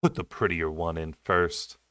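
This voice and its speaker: A cruel king taunts his captives in a low, unhurried voice, as a male reader voices him. Every word is drawn out with mockery, and the recording is dry and close. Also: flat delivery, a bit bright, no room sound. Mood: mocking. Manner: slow, low, mocking.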